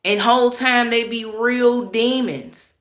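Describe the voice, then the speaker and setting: Blunt, bright-voiced woman streamer. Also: on the high side, fairly even intonation, slow, echoey room. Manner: blunt, emphatic, slangy. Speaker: livestream commentator. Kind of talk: casual livestream commentary reading chat.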